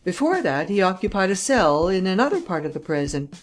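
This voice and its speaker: A woman voicing a plain male prison guard who gives uncertain, halting answers. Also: fairly low pitch, sing-song, faint music behind, pitched above the performer's own voice.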